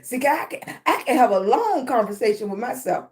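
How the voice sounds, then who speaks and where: On a motivational live stream about self-love, a woman talks at a moderate pace with hardly any pauses, her fairly high voice lively in intonation. She sounds congested in the chest, clears her throat, and repeatedly asks "right?".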